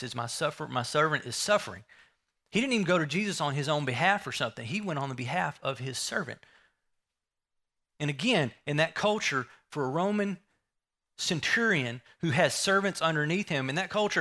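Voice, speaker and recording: A man's voice: fairly high pitch, bright, forceful tone. A man preaching a sermon, emphatic, repeating key phrases and asking the listeners rhetorical questions.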